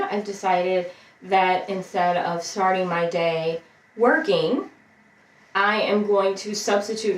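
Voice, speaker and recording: An American woman in her forties hosts a chatty, casual vlog. She speaks in an upbeat, measured way, her pitch jumping suddenly on key words.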